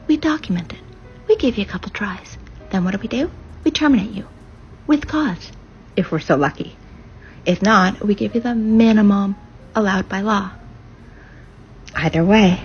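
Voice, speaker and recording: A recruiter from Canada, ranting sarcastically at her audience and dropping into breathy, taunting asides. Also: medium pitch, expressive, moderate pace, long pauses, highs cut off, soft background music. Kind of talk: sarcastic social media rant.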